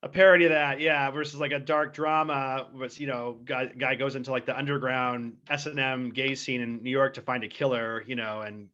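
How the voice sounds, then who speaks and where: Guy rambling on a podcast, lots of likes and you knows, kinda sharp bright voice, muffled lo-fi sound. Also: medium pitch, steady tone, normal speed, hardly any pauses. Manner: rambling, filler-heavy, laughs often. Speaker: podcast co-host. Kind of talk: casual chat. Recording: dull lo-fi podcast audio.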